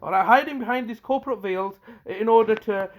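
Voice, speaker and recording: A man delivering an angry, repetitive monologue, halting often with fillers and restarts. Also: high-pitched. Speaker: complainant recording a personal statement. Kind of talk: impassioned monologue.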